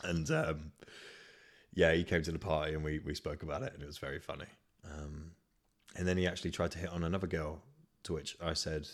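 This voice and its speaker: A man with a very low voice hosts a podcast, telling a story in a loose, rambling way. He swears freely, stumbles through fillers and chuckles at his own tale. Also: flat delivery, quick pace. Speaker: podcast host. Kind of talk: casual storytelling monologue.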